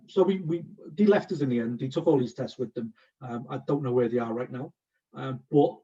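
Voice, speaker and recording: A man speaks casually over a video call, his voice croaky and husky with a mellow, dark tone. He pauses often on ums and restarts his sentences. The sound is muffled and distant from the mic. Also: mid-range voice. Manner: casual, many ums, self-correcting. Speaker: guest speaker. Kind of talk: webinar talk.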